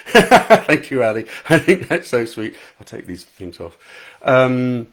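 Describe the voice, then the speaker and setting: A man's voice: mid-range voice, big pitch swings, slow. A male author reading his own novel aloud in a live stream from his front room, chatting and laughing easily between passages.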